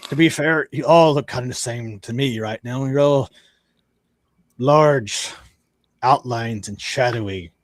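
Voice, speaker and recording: A man's voice: medium pitch, a little slow, dry recording, close to an everyday voice. A man voicing a blind, wry old dwarf hermit in a tabletop game, with a chuckling, rambling manner.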